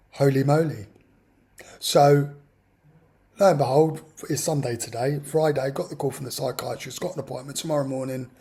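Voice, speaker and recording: A man's voice: medium pitch, warm tone, husky. A man telling a personal story in an exasperated, ranting way. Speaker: vlogger. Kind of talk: personal account monologue.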